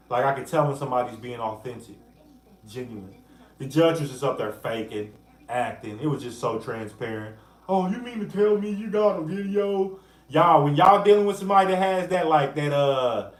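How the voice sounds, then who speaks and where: Man livestreaming in an echoey room. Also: mid-range voice. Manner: animated, greets viewers by name mid-sentence. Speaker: livestream host. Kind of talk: casual livestream talk.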